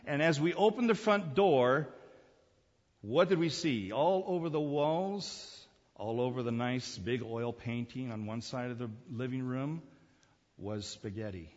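Husky-voiced pastor preaching in a hall. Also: male voice, mid-range voice, a little slow. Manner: conversational, repeats words when building emphasis. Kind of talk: sermon with personal storytelling. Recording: echoey hall, dull lo-fi sound.

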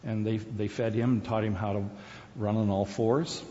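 A man's voice: fairly low pitch, steady tone, normal speed, dark tone, a little hiss or hum. A man who grew up in Korea, Borneo and Singapore, talking informally in a rambling, conversational way with many fillers and restarts. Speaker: speaker. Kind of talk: informal personal talk. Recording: dull sound with long hall reverb.

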